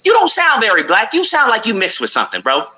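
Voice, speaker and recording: Man, call-in host, heated profane rant, lively swinging pitch, sharp bright tone. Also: fast talker, rough recording. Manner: profane, furious ranting. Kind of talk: heated call-in livestream argument.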